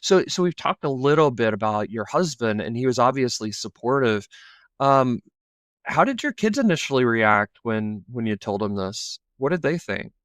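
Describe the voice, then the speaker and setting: A man hosts a podcast in a clear, smooth voice, asking questions and reacting with quick, upbeat remarks. The sound is close and dry, with no room around him. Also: mid-range voice, expressive, no echo. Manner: warm backchannels, upbeat reactions. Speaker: podcast host. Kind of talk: casual interview.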